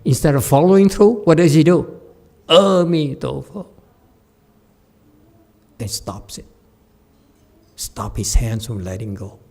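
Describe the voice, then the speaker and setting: Speaking at normal speed in a mid-range voice, this man gives a Buddhist dharma talk as a meditation teacher. His story comes alive through frequent laughter and acted-out voices.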